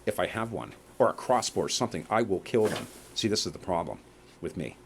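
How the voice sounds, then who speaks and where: A man's voice: deep voice, very animated, fairly quick, a little hiss or hum. A man in a rambling monologue to viewers, emphatic and checking in with "okay?" and "eh?". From Canada.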